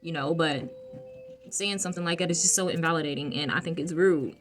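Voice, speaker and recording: Woman with a deep-ish voice just chatting to camera, soft, lots of um and you know. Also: faint music behind. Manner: soft-spoken, unhurried, many fillers and restarts. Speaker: vlogger giving emotional wellness advice. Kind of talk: casual reflective talk to camera.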